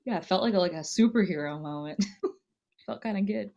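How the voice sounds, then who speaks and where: A woman's voice: mid-range voice, a little fast, creaky, darkish tone, dull audio. A young woman co-hosting a casual chat, rambling and laughing often as she talks. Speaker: podcast co-host.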